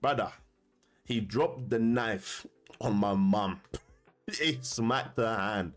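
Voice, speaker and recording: A man's voice: on the low side, very slow, soft background music. A man telling a story to camera in a casual, slangy way, often laughing. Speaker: commentator.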